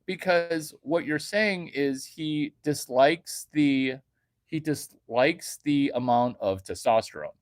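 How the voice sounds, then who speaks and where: A man doing a brash stand-up monologue, jumping from hushed asides to sudden loud outbursts. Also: on the high side, takes it slowly. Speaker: comedian.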